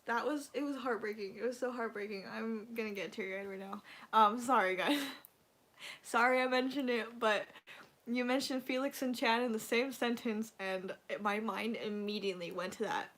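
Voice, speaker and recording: A woman's voice: fairly high pitch, steady tone, normal speed, fairly bright tone. A woman hosting a casual livestream, chatting to her viewers in a rambling, gushing way full of fillers. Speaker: livestream host.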